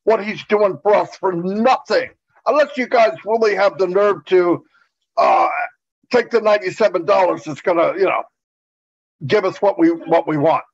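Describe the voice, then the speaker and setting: A man's voice: high voice, normal speed. A man giving an earnest, repetitive pep talk as a webinar presenter over an online video call. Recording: dull lo-fi call audio.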